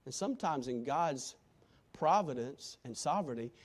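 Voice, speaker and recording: A male preacher giving a sermon, quoting scripture in old-fashioned wording and swinging from shouted appeals to hushed, quiet lines. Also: medium pitch, animated, moderate pace. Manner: impassioned, swinging from loud shouting to hushed tones.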